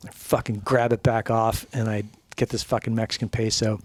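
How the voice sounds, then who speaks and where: A man telling stories as a podcast guest, animated and profane, acting out the people he quotes. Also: medium pitch, normal speed, hardly any pauses, dry recording. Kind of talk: storytelling.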